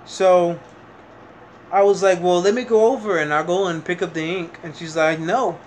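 A young male vlogger speaks directly to his camera in a loose, rambling monologue, restarting sentences and stacking fillers as frustration creeps in. His voice is a little high for a man, with fairly even intonation and a moderate pace. A faint hum of room noise sits underneath.

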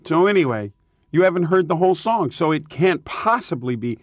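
A man, a touring rock singer, telling tour stories in a casual interview, animated and emphatic, laughing often. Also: on the high side, normal speed, no echo, highs cut off.

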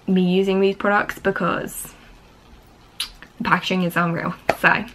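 A woman's voice: fairly low pitch, little pitch movement, unhurried, noisy background. Bubbly young woman vlogging. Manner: bubbly, gushing, lots of fillers. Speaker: beauty vlogger. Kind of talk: casual vlog chat. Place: home, indoors.

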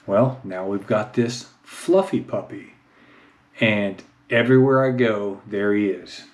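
A man's voice: lowish voice, slow. A middle-aged man, telling a casual, self-mocking story at home in his home office. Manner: chatty, self-mocking, rises into excited baby-talk with the dog. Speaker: vlogger.

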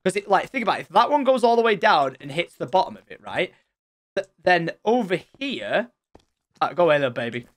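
A young man narrates his gameplay in a lively Let's Play style, his pitch leaping up and down as he thinks aloud. He is chatty and excitable, talking straight to his viewers. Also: fairly quick. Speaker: gaming channel host.

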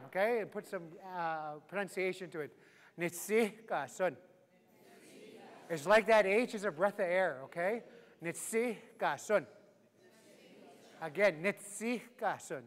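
Playful high-voiced man teaching a class. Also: fairly bright tone. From Canada. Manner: playful, laughing, drilling phrases for repetition. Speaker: Cree language teacher. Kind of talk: live language class. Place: large hall with a live class. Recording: echoey hall, live class.

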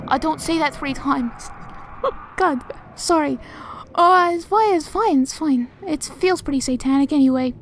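A woman hosting a let's play, giving casual gameplay commentary with jumpy, excitable reactions, lots of restarts and occasional soft whispers. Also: high-pitched, measured pace, a little hiss or hum.

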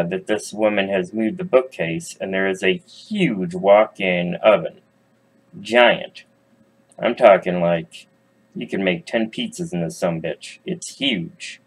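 A man with a fairly low voice retells a fairy tale as a crude comedy routine, swearing freely and breaking off to chat with his listeners. His delivery is casual and rambling. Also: vocal fry, poor audio. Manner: loose, profane, chatty asides. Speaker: storyteller. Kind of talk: casual comic storytelling.

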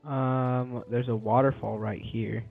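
A man's voice: medium pitch, flat delivery, takes it slowly, creaky, narrow, tinny audio, soft background music. A man swearing and trash-talking his friend in casual banter while playing a game together. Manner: swears a lot, playful trash talk. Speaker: let's play gamer.

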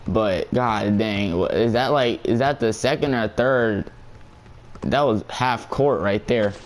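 A young man with a lowish voice speaks slowly while casually narrating his basketball game for his YouTube viewers. Giggly and excitable, he laughs often and leans heavily on slang.

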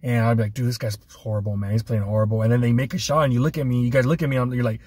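A man hosting a fan podcast, talking in a relaxed, conversational way and swearing casually. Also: mid-range voice, rapid-fire, slightly rough, dry recording. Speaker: podcast host. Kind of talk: casual chat.

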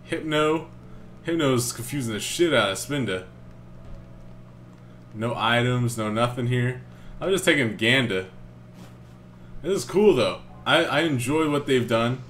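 A man's voice: medium pitch, lively intonation, a little slow, long pauses, a bit bright, faint music behind. A young man casually commenting on his gameplay in a laid-back, slangy way. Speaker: let's play host.

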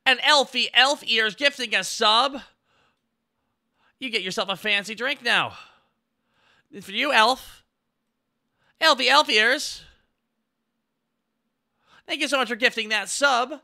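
A man streaming live, chatting casually and gushing excited thanks at his viewers. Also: very high voice, slow pace, gravelly, pauses often.

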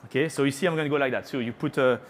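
On a trade show stage, a man from France runs a chatty live cooking demonstration, speaking with a French accent, dropping in French phrases and teasing his audience. His medium-pitched voice races, and there's a faint hiss or hum.

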